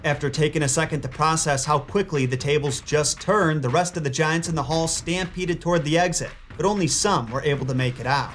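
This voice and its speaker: A man's voice: on the high side, fairly bright tone, slight background noise. A man hosting a comedic mythology narration, dropping sarcastic asides. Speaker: host.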